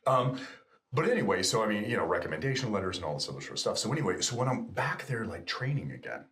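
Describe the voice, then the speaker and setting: A middle-aged man, a guest, telling stories in a casual, animated way and acting out the quotes. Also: lowish voice, quick pace, slight background noise. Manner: animated storyteller, acts out quotes. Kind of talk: casual storytelling.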